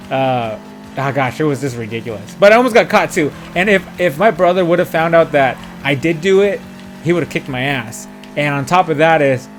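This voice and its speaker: A young man telling a story in a casual, rambling way while he streams a driving game, full of fillers and quoted dialogue. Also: on the high side. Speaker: gaming streamer.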